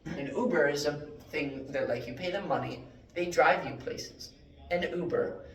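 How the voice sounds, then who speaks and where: A man giving a mock classroom lecture, rambling through deadpan fake word origins with many fillers. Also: a little high, moderate pace. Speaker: joke Latin teacher. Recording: echoey room, mic at a distance.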